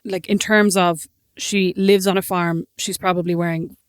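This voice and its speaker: Irish woman podcast co-host, opinionated and lively, dry close mic. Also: fairly low pitch, normal speed, clean tone, dry recording. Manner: animated, opinionated. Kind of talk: casual chat.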